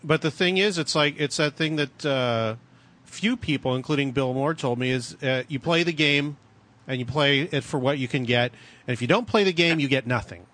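An American man interviewing a guest, asking chatty, halting questions. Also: medium pitch, a bit bright. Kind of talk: casual interview talk.

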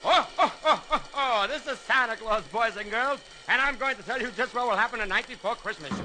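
Santa Claus, jolly and high. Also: male voice, fairly quick, pushed and bright, slight background noise, heavily acted. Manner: hearty ho-ho laughter, animal and train noises. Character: jolly old Santa Claus, booming and merry. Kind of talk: vintage children's record narration.

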